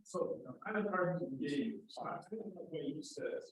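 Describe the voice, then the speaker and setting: A man's voice: a little high, a little fast. A man panelist casually reminiscing, chatty and rambling. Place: museum event room. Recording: very echoey room with hiss.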